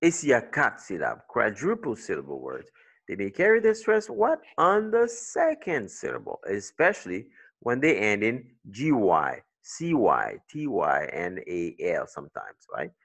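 Gravelly low-voiced male English teacher. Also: huge pitch swings, fairly bright tone. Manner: explains slowly, switching between English and French. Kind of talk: bilingual language lesson.

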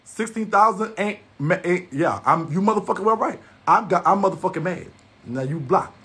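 A man's voice: high-pitched, lively intonation, normal speed, sharp tone, breathy edge. A man ranting angrily to his viewers, heated, repetitive and confrontational. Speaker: livestreamer. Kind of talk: angry profane rant to viewers.

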